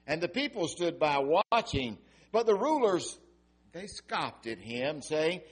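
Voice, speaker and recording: A male pastor delivering a sermon at a slow, deliberate pace. His voice is somewhat husky, and he swings between loud, ringing swells and hushed, quiet drops as he reads scripture aloud. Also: on the high side, big pitch swings.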